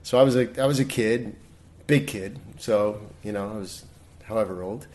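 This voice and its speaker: A middle-aged man, a guest in a casual interview, telling stories in an animated way with many restarts. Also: lowish voice, normal speed.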